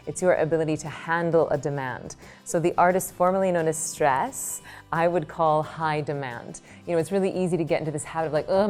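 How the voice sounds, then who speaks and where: A woman meditation teacher answers interview questions in a low-pitched voice, sharing lively examples and slipping in quick asides.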